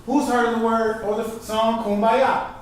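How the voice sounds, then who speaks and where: A man teaches a lively call-and-response lesson and keeps prompting the crowd to finish his lines. His voice sits fairly high. He is caught from a distance, and the sound rings around a big echoey hall. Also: normal speed, background noise. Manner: animated, prompts the audience to finish his phrases. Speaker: performance poet giving an artist talk. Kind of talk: interactive lecture with call-and-response. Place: lecture hall with a live audience. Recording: echoey hall recording from far off.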